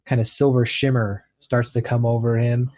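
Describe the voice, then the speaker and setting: A man's voice: medium pitch, level tone, moderate pace, warm tone. A man playing a tabletop game, describing his character's moves loosely and often laughing. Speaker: player. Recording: muffled lo-fi mic.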